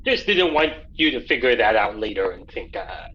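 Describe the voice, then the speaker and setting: A man's voice: on the low side, big pitch swings, normal speed, sharp tone. A man playing a tabletop game, easygoing and a bit hesitant. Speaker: player. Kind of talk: casual tabletop play. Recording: dull lo-fi mic.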